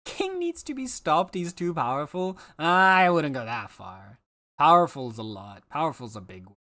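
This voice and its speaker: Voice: medium pitch, very animated, normal speed, fairly bright tone. A live streamer chatting casually with viewers, playful and teasing, with mock-dramatic complaints. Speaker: live streamer talking to chat.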